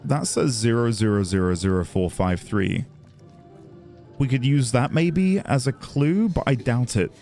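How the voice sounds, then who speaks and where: A man's voice: mid-range voice, a little slow, mellow, faint music behind. A man streaming a video game, chatting with his viewers in a casual, reflective way and thanking them as he plays. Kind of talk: casual gameplay commentary.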